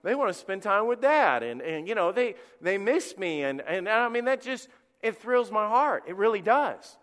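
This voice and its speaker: A middle-aged man preaches to his congregation in a casual, storytelling way, slipping into the voices of the people in his stories. His voice sits high for a man. The sound carries a long church-hall reverb. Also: moderate pace. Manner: conversational, animated storytelling with acted quotes. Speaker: pastor. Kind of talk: sermon. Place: church sanctuary.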